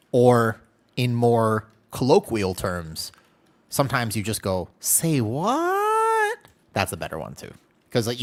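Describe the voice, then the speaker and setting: Man, game streamer, from the US, casual livestream chat, candid, animated storytelling, mid-pitched voice. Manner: candid, chatty, animated storytelling with playful exaggeration.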